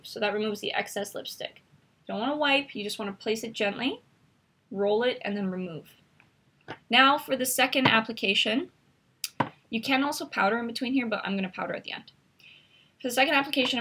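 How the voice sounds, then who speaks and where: A woman's voice: fairly high pitch, brisk, bright, forceful tone, slightly rough. A woman hosting a makeup tutorial, chatty and instructive as she talks through each step while demonstrating.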